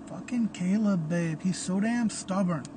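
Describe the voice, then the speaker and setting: A man's voice: high voice, unhurried, noisy background. A man doing a coarse, exasperated gang leader. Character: gruff young male gang leader.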